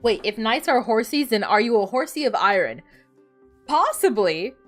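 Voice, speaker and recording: A woman's voice: fairly high pitch, big pitch swings, normal speed, soft background music. A woman streamer chatting casually while playing a game, rambling and laughing often. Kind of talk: casual gaming stream chat.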